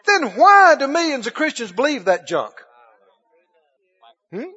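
Man, high voice, preacher, sermon, emphatic, rhetorical questions, long church reverb. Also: very animated, measured pace, pauses often, sharp tone. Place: church sanctuary. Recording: dull, reverberant church recording.

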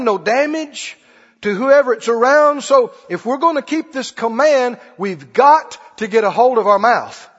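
A man's voice: extremely high pitch, animated, unhurried, fairly bright tone, husky. A man preaching a sermon in a conversational way, asking the congregation questions and acting out little scenes. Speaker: pastor. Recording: dull lo-fi audio with long hall reverb.

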